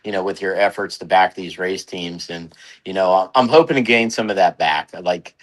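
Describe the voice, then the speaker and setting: A man's voice: low voice, normal speed, rough recording. A man telling race stories in casual radio chat, laughing often.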